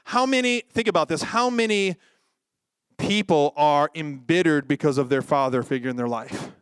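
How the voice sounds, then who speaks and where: High-voiced joking male preacher. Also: moderate pace, smooth, no room sound, clean studio sound. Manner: lively, joking, acts out quoted voices. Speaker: pastor. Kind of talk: sermon.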